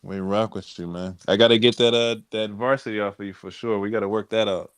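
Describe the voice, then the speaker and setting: Low-voiced laid-back man. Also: fairly even intonation, fairly quick, clean tone, no echo, clean studio sound. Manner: laid-back, slangy agreement. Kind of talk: casual chat.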